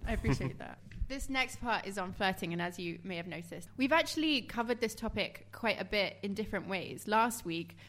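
A woman's voice: medium pitch, lively intonation, a little fast, hardly any pauses, a little hiss or hum. A woman hosting a casual podcast chat, laughing often as she talks. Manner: laughs often, reacts warmly. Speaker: podcast host.

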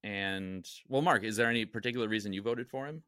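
A man with a slightly low voice co-hosting a podcast in upbeat, eager chat. He explains patiently and reacts with enthusiasm. The sound is dry and close on the mic. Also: fast, bright, forceful tone, clear, resonant tone, dry recording. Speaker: podcast co-host.

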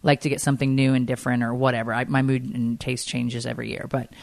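A woman's voice: rumbling low, flat delivery, fast talker, vocal fry, a little mellow, dry recording. A woman co-hosting a podcast in casual chat, candid and chatty, swearing freely and filling her talk with "like.". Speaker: podcast co-host.

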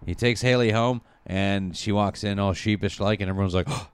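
A man casually recapping a TV episode for friends, rambling and slipping into quick mocking voices for the characters. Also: on the low side, steady tone, clear, resonant tone. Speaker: podcast host recapping a TV episode. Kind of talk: casual comedic recap chat.

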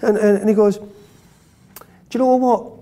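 Dark-voiced man telling stories. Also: sits high, moderate pace. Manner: lively, peppers lines with "right?". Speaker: former footballer. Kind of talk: storytelling anecdote.

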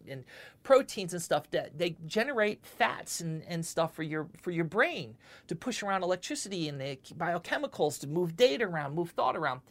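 A woman's voice: fairly low pitch, gravelly. A woman giving a spiritual lecture and answering questions, talking with lots of repeated words and frequent "okay?" checks. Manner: animated, repeats words, often asks "okay?". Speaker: spiritual teacher.

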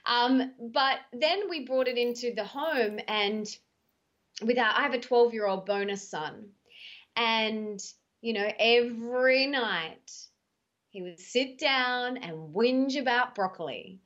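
A high-voiced woman speaks as a guest in a casual podcast chat. She tells her stories with emphatic, animated energy and drags out the words she wants to stress. The audio is dull and lo-fi. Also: slow. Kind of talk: casual conversation.

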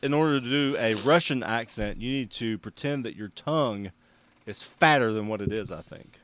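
A man's voice: medium pitch, normal speed, a bit bright. A man co-hosting a casual podcast chat, a father who makes wry, jokey asides. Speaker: podcast co-host.

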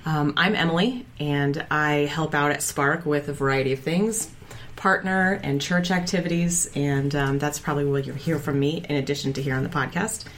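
A woman co-hosting a podcast, talking in a steady, conversational way with frequent fillers. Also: low voice, moderate pace, a little hiss or hum. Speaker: podcast co-host. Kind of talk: casual podcast chat.

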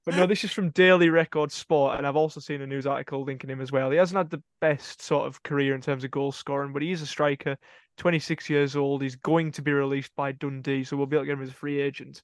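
A man co-hosting a casual football podcast reads out transfer rumours fast, in a medium-pitched voice with fairly even intonation. He rambles, corrects his own slips, and laughs at them, captured in dry, clean studio sound.

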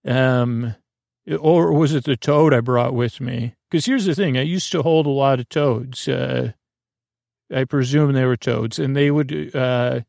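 A man hosting a sleep podcast, rambling gently through a meandering bedtime monologue with frequent restarts. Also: medium pitch, unhurried, gravelly, dry recording, studio quality. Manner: meandering, hesitant, with many restarts; soft and soothing.

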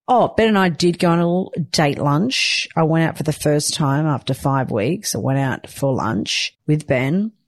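A woman's voice: sits low, expressive, measured pace, no room sound, clean studio sound. A sleep-deprived new mother talking candidly in a casual weekly chat, swearing lightly and laughing often. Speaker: weekly vlogger, new mother of twin boys.

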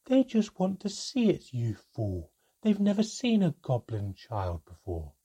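A man's voice: a little high, wildly swooping pitch, a little slow, dark tone, slightly rough, voice pushed up, exaggerated voice. A man voicing a mysterious hooded woman with a melodic, scornful voice in a storybook reading.

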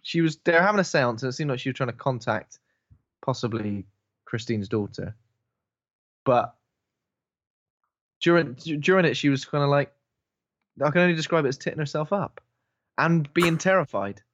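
A man's voice: on the high side, expressive, normal speed, pauses often, a bit bright, dry recording, lo-fi sound. A man in casual film podcast chat, joking and slipping into silly voices. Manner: joking, does silly voices mid-story. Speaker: podcast co-host.

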